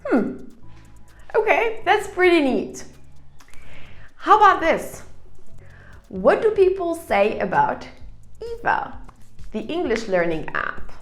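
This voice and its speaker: A woman's voice: high voice, echoey room. A woman teaching English online, explaining grammar step by step and reading answers aloud.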